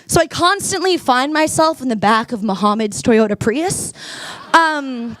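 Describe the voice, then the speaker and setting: High-voiced young woman doing stand-up. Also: animated, no room sound, clean studio sound. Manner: quick voices for quoted characters, wry self-mocking delivery. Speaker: stand-up comedian. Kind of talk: stand-up comedy set. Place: comedy club stage.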